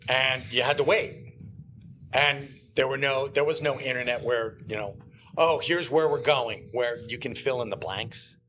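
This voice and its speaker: A man guesting on a podcast, telling stories in animated casual chat and acting out the lines he quotes. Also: medium pitch, unhurried, a little hiss or hum. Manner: animated storyteller who acts out quoted lines. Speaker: guest, comic book writer.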